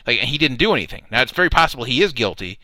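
Hesitant, bright-voiced male host. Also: medium pitch, big pitch swings, very fast. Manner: hesitant, stammering, cautious. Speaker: podcast host. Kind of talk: casual talk-show chat.

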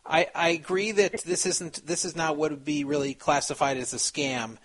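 A man hosting a talk discussion, weighing his words slowly with frequent pauses and fillers. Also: fairly high pitch, steady tone, fairly bright tone. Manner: measured, hesitant, many fillers.

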